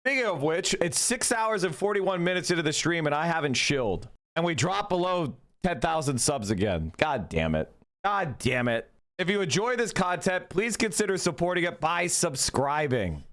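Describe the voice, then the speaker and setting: Male streamer, casual profane rant at chat, voice a touch high. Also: big pitch swings, normal speed, fairly bright tone. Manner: profane, ranting, heated. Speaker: livestreamer.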